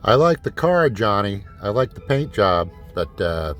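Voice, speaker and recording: A man's voice: fairly low pitch, sing-song, a little slow, soft background music. A man hosting a diecast car vlog in a casual, exasperated ranting way, swearing often and sarcastically calling his viewers kids. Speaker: diecast collector host.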